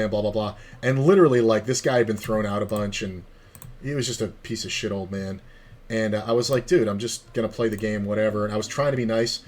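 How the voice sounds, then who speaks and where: A man streaming online poker who tells a long, profane story with quoted dialogue, in a casual, chatty way. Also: lowish voice.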